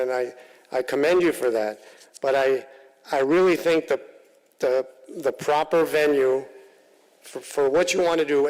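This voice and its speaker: A male council member giving halting, plain-spoken remarks at a council meeting, often repeating himself. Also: mid-range voice, big-room sound, poor audio. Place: council chamber.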